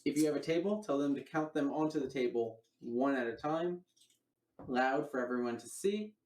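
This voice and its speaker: A man's voice: medium pitch, normal speed, darkish tone, echoey room, low-quality recording. A man teaching a coin magic routine in a casual online lecture, explaining each step and acting out his patter. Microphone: online voice call.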